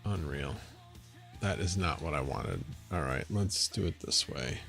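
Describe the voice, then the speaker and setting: A man's voice: rumbling low, expressive, a little slow, vocal fry, a bit bright, soft background music. A man hosting a casual livestream from home, rambling and thinking aloud as he answers viewers' chat. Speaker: livestream host.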